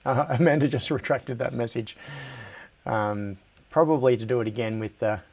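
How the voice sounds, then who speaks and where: A man's voice: medium pitch, moderate pace, a little mellow, breathy edge. A middle-aged Australian man hosting a casual live stream, thinking aloud, distracted and laughing often. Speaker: livestream host. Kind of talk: casual live-stream chat while working.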